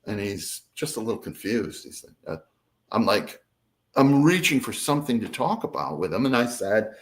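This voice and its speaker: A man telling a personal story as an interview guest, expressive and acting out the other voices. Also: mid-range voice, moderate pace. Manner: expressive, lively, acts out quotes. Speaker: guest, abductee. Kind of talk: animated storytelling.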